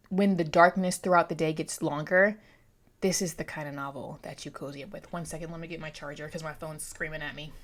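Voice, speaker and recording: A woman's voice: on the low side, a little hiss or hum. Chatty woman vlogging about books. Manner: chatty, rambling, self-correcting. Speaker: book vlogger. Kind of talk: casual chat.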